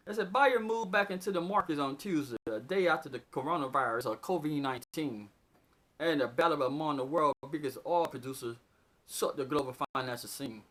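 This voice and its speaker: A man reading news headlines aloud in a casual, unedited video, breaking off to riff on them with animated asides. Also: on the high side, fairly quick. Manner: reads news items aloud, then riffs on them excitedly. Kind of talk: casual unscripted commentary.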